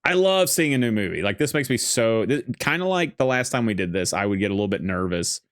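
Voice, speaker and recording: A man talks over a movie in a relaxed podcast chat, and his pitch bounces all over as he jokes and rambles. He laughs easily and tells stories loosely. The recording is dry and close. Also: dry recording. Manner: joking, rambling, quick laughs. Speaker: podcast guest. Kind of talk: casual movie commentary chat.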